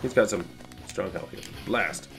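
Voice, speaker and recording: A man's voice: low voice, unhurried, gravelly, fairly bright tone, soft background music. A man giving loose, rambling commentary while playing an old arcade game, swearing casually and joking about himself. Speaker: YouTube host playing a game.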